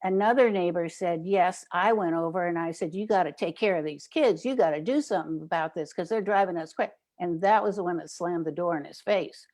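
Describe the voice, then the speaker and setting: Low-voiced older woman telling stories. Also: fairly quick, hardly any pauses, a little mellow. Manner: storytelling, acts out quoted neighbors. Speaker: guest, child safety advocate. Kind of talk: interview anecdote telling.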